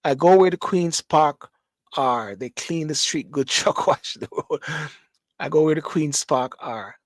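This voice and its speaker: A man's voice: a little high, a little slow, no room sound. A man who grew up in Jamaica, with a Jamaican accent, hosting a show with a casual, rambling monologue full of restarts and repetition. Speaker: host. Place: London.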